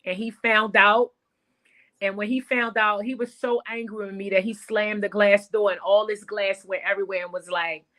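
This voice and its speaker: A woman who owns a salon, telling her story in a casual interview in an animated way. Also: medium pitch, normal speed. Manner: animated storyteller, calls the host girl. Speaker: salon owner and guest.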